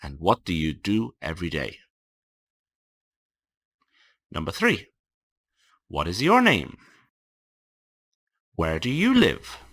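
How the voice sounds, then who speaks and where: A man teaching English in an online lecture, reading example sentences slowly and carefully for learners. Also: sits low, wildly swooping pitch, a bit bright. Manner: slow, carefully enunciated classroom reading.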